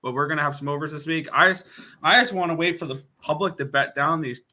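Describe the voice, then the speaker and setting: A man's voice: a little high, fast talker, sharp tone. A man talking betting picks in casual chat, confident and analytical. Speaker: sports handicapper.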